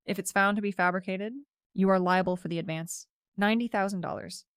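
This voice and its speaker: A woman voicing a calm, cold male lawyer in a story narration, speaking formally. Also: medium pitch, fairly quick, clear, resonant tone, dry recording, clean studio sound, lightly acted.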